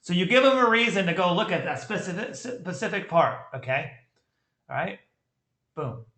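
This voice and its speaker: Male sales coach, blunt and animated, bright voice, roomy sound. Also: high voice, moderate pace. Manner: blunt, animated, laughs often. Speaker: sales trainer critiquing a call. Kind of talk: casual coaching commentary. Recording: echoey room.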